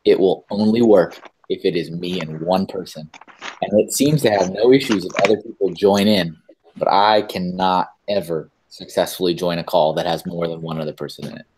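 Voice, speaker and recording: A man with a low voice talks through a casual video-call chat. He rambles and hesitates, filling gaps with fillers as he explains. The call audio carries clear background noise. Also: fairly even intonation, normal speed. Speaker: host.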